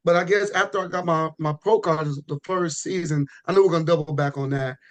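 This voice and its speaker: Podcast guest, male: easygoing and rambling, restarts a lot, pitched a touch high. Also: brisk. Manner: relaxed, rambling with frequent restarts and "you know". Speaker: podcast guest, pro bodybuilder. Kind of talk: casual podcast chat.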